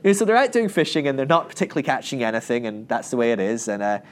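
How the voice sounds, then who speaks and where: The mid-range voice races along against slight background noise as this man teaches the Bible in a casual, humorous way. He's a Christian teacher who jokes, stays animated, and acts out quoted lines with a raised voice.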